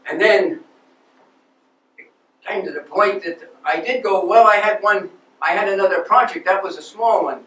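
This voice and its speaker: Man doing a first-person period monologue: fervent nineteenth-century landscape designer, high voice, echoey hall, distant mic. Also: fairly bright tone, lightly acted. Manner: emotional, earnest storytelling with sudden outbursts. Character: aging 19th-century male landscape architect, passionate and restless. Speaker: historical reenactor. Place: lecture hall.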